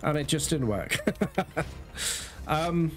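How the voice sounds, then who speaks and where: A man giving casual gameplay commentary, talking straight to his viewers and quickly cursing when things go wrong. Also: fairly high pitch, expressive. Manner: talks straight to viewers, quick to curse in frustration. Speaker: gaming video host.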